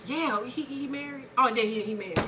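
A woman co-hosting an advice chat show, reading a viewer's letter aloud and reacting with loud, profane excitement. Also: fairly high pitch, brisk, very noisy. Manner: animated, profane, exclamatory.

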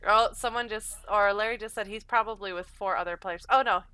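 A woman's voice: medium pitch, a little fast, sharp tone, clear, resonant tone. Giggly woman streaming a game. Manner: chatty, giggly, swears casually. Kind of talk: casual gaming chat.

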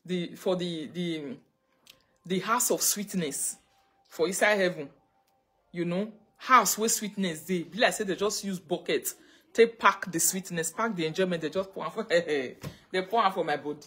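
Her voice sits fairly low, husky yet fairly bright, and she speaks at a normal pace. With a Nigerian Pidgin English accent, she chats with and greets viewers on a casual phone live stream, at times breaking into chanted prayer lines.

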